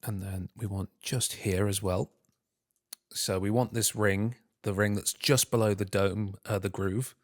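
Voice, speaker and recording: A low-voiced man narrates a screen-recorded tutorial, talking himself through each step and humming little filler sounds as he works. The recording is dry and close, with no room around it. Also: steady tone, unhurried, no room sound. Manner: muttering to himself, humming filler syllables while working; self-deprecating, talking through steps. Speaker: tutorial host.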